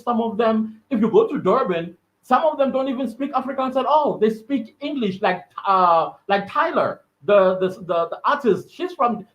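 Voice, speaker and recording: Earnest South African man, high lively voice. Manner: earnest, emphatic, repeats words for stress. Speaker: podcast host. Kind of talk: solo commentary rant. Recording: slightly dull lo-fi audio.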